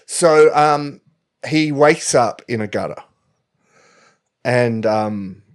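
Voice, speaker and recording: A man's voice: medium pitch, extremely slow. A man co-hosting a comedy podcast, retelling a story in a rambling, jokey way full of fillers and restarts. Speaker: podcast co-host. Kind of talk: comic storytelling chat.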